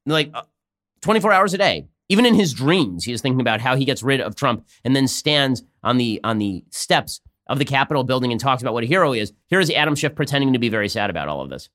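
Man, podcast host, political commentary, sarcastic, mocking, quick talker. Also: medium pitch, very animated, a bit bright.

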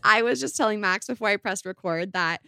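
A woman's voice: mid-range voice, brisk, creaky, sharp tone, clean tone, no echo, studio quality. A young woman in her twenties hosting a casual podcast, chatty and upbeat with a valley-girl lilt. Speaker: podcast host.

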